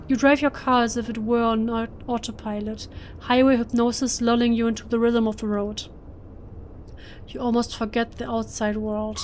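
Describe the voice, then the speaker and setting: A German-native woman reads horror game narration aloud, hushed and emotional, often stumbling and restarting mid-word. Her voice sits fairly high but moves little in pitch. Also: a little hiss or hum. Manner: emotional, hushed, with self-corrections. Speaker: let's play gamer. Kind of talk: reading game text aloud.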